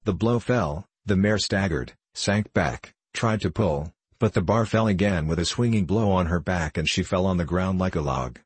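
A man reads a classic novel in a measured, steady way, his voice very low and husky. The recording is close and dry, with almost no room sound. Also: dry recording. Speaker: audiobook narrator. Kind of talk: scripted narration of a classic novel.

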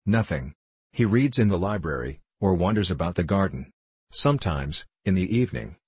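A man reading the part of an indignant, gossiping female house servant in an audiobook, with a low, husky voice. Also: no echo. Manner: complaining, sneering.

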